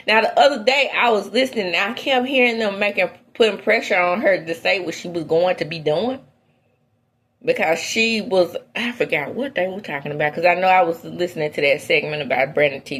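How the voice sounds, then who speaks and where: A woman hosting an entertainment gossip show, giving her opinions in casual, outspoken commentary that swings from low asides to high exclamations. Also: fairly bright tone.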